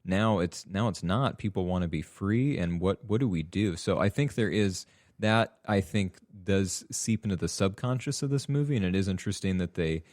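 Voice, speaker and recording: A man's voice: low-pitched, moderate pace, darkish tone, no echo, studio quality. A man co-hosting a casual film podcast, wry and skeptical about the story's logic. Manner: wry, skeptical, laughing at plot holes. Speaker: podcast co-host.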